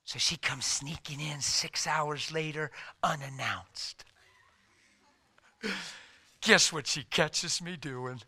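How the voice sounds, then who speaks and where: A middle-aged man preaching a sermon, telling a personal story and swinging from loud outbursts to hushed asides. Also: on the high side, takes it slowly, pauses often, breathy edge. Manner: animated, swings from loud to hushed, acts out quotes.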